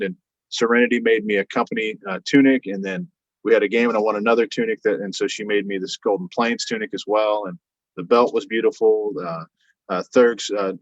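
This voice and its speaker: A man telling a long anecdote as a guest, in a casual, rambling way, acting out what others said. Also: dry recording. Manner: rambling, animated retelling with quoted voices and frequent fillers. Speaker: podcast guest. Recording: dull, dry low-fidelity sound.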